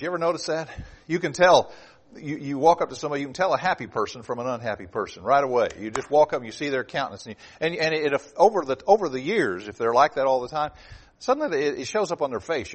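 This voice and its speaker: A man preaching a sermon, moving between loud emphasis and low, hushed asides. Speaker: pastor.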